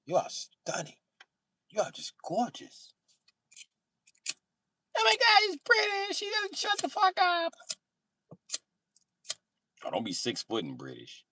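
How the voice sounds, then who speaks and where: Man plays smitten young woman: breathy falsetto, gushing. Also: huge pitch swings, takes it slowly, long pauses, sharp tone, no echo, clean studio sound, full character voice. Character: giggly smitten young woman swooning over a Brit.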